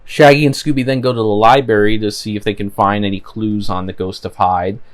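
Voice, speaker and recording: A man's voice: on the low side, steady tone, brisk. A man casually recapping a cartoon episode, rambling with frequent fillers and restarts. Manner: rambling, many "you know" fillers. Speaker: show reviewer.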